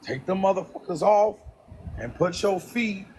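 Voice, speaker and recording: A man hosting a livestream, talking in a blunt, profane, animated rant. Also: high-pitched, unhurried, a little hiss or hum. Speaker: livestream host. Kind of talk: casual ranting livestream.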